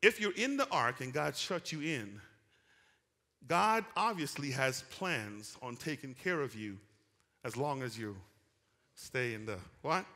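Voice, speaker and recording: A male pastor preaching a lively sermon, calling out to the congregation and swinging from quiet asides to loud shouts. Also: medium pitch, measured pace, big-room sound. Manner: animated preaching with call-and-response, rising to shouts. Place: church sanctuary.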